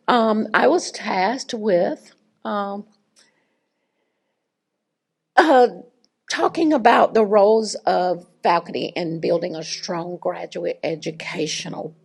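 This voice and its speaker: Middle-aged woman, raspy gravelly voice, low-ish pitch, chatty lecturer. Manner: chatty and humorous, addresses audience directly. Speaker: faculty speaker. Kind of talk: conversational lecture with anecdote.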